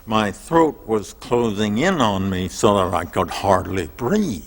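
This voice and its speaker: A man speaks as an interview guest, unhurried and reflective, his low voice rising and falling with strong expression. The recording carries a long, lingering hall reverb. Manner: slow, thoughtful, expressive. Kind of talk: reflective personal storytelling.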